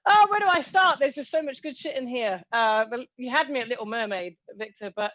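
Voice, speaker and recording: Gushing, high-voiced woman judge. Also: brisk, a bit bright, no room sound, dull audio. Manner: gushing, swears casually. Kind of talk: giving casual verdicts.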